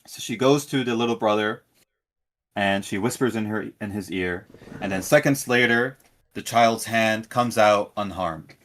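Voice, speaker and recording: Man guest, earnest storyteller, low-pitched, stumbles and restarts. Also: a little slow, fairly bright tone. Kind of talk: casual storytelling.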